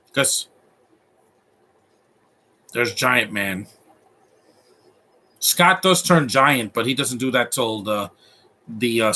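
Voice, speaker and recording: A man's voice: medium pitch, bright, forceful tone. A man in his thirties giving live movie commentary, opinionated and rambling, often restarting his sentences.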